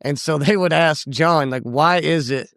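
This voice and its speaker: A man's voice: fairly high pitch, fairly bright tone, dry recording, clean studio sound. A man co-hosting a podcast in casual chat, telling stories and playfully taking offense. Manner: chatty, quick to take offense in jest. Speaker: podcast co-host.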